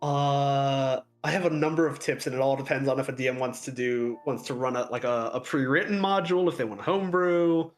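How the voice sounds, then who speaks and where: Dm guest rambling on a chat podcast, lots of ums, middle pitch. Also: fairly quick, hardly any pauses. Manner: rambling, lots of fillers, lively. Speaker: guest, game master.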